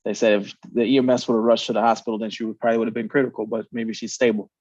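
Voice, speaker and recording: A man telling a story in casual chat, animated and swearing, acting out the quotes. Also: fairly low pitch, rapid-fire, no room sound, lo-fi sound. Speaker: podcast host.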